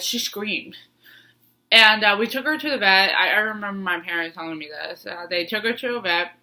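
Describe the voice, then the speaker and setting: A woman's voice: medium pitch, pushed and bright. A woman with a stuffy nose from sneezing, telling a personal story in a rambling way with lots of fillers and restarts. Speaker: vlogger.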